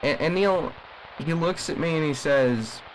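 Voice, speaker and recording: A man's voice: on the high side, a little slow, a little hiss or hum, rough recording. A man voicing an agitated caller on a radio broadcast in an audio drama, speaking emphatically and rambling with frequent restarts. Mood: indignant. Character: agitated male radio caller defending a cursed family.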